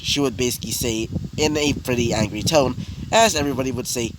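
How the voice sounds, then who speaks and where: A man's voice: mid-range voice, animated, fast, background noise. A man casually improvising a fan story, rambling with lots of fillers and correcting himself as he goes. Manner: rambling, heavy fillers, frequent self-corrections.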